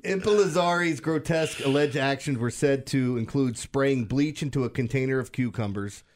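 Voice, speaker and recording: A man's voice: medium pitch, moderate pace. A man co-hosting a morning sports radio show, telling odd news stories in an incredulous, laughing way. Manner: incredulous, laughing, animated storytelling. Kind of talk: casual morning radio banter.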